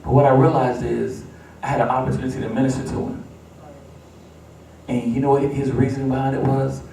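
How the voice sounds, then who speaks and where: Pastor preaching in an echoey church. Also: male voice, mid-range voice, little pitch movement, a little fast, creaky, mellow, slight background noise. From United States. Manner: preaching with rising, repeated emphatic refrains. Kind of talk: sermon. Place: church sanctuary. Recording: echoey church, distant mic.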